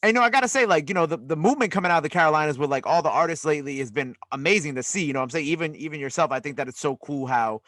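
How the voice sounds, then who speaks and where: A man hosts a casual interview, firing off quick questions at a brisk clip in a fairly high voice. He often restarts mid-sentence, and the sound is close and dry. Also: a bit bright, no echo. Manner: eager, rapid questions with many restarts. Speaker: interview host. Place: interview studio.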